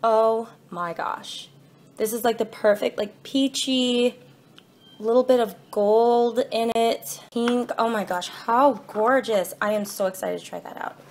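A young woman gushing excitedly as she unboxes gifts in her home kitchen, filming on a phone in one hand and apologizing as she fumbles. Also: a little high, measured pace, slight background noise. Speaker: vlogger. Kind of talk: casual unboxing vlog. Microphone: phone held in one hand.

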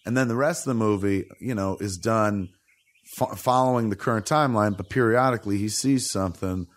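A man's voice: lowish voice, brisk. A man hosting a podcast, telling stories in a casual, profane, joking way. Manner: profane, joking, animated storytelling. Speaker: podcast host.

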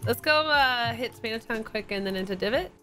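A young woman streaming a team shooter game, chatting casually and firing off quick upbeat callouts with frequent laughs. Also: on the high side, expressive. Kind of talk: casual gameplay chat with teammates. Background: game music and sound effects.

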